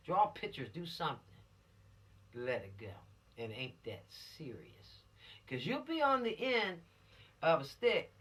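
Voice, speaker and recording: A woman's voice: sits low, fairly bright tone, recorded from a distance. A woman, a police officer giving teens an informal law lesson in a folksy, admonishing, preachy way.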